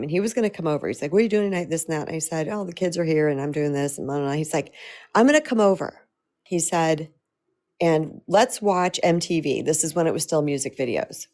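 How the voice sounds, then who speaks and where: A middle-aged woman host telling a personal story in a chatty, animated way, laughing often. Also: deep voice. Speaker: host and self-love coach. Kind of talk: storytelling talk.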